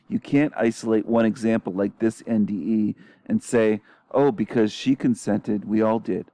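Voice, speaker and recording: Low dark-voiced confrontational male commentator. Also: no room sound. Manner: confrontational, repeating rhetorical questions. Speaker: commentary channel host. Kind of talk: commentary on played clip.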